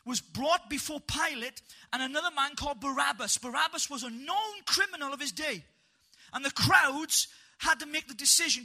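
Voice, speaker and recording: A Welsh man telling his life story as a testimony to a live audience, animated and humorous, with punchy asides. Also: very high voice.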